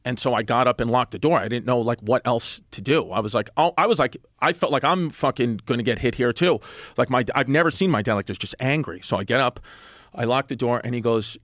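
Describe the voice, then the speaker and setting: A man, an animated comedian telling a story on a podcast, quoting people as he goes. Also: medium pitch, a little fast, no echo, clean studio sound. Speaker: guest comedian. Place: podcast studio.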